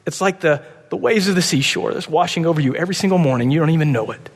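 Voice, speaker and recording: Pastor, male, fairly high voice, sermon in a big echoing hall, urgent then hushed. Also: quick pace, few pauses, husky. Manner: passionate, swings from loud urgent pleading to soft hushed tones.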